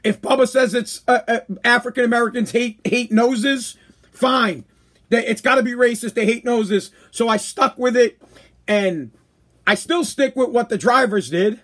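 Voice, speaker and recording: A man with a very high-pitched voice hosts his own podcast live stream, speaking casually to his audience. He talks in a brash, emphatic way and pokes fun at himself. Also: normal speed, a bit bright. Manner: brash, emphatic, self-mocking, says "bro" often. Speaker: podcast host.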